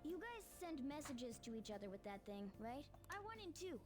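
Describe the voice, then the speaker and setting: A woman acting out a small male talking cat in a video game, eager and a little preachy. His voice sits high and swoops around a lot. Faint game music plays underneath. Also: sing-song, fairly quick. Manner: eager, lecturing.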